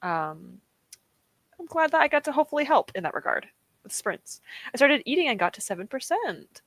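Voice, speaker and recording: A young woman chats casually with viewers during a reading stream. She laughs easily, and her bright voice moves up and down a lot. The mic is close and dry. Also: sits high, very animated, fairly quick, dry recording. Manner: chatty and giggly, often laughs and reacts to chat. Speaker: streamer hosting reading sprints. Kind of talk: casual chat with live chat. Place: home desk.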